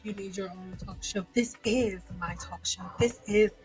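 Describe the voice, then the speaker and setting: A woman's voice: mid-range voice, unhurried, over loud music. A woman hosting a casual live stream about hair, chatty, blunt and joking.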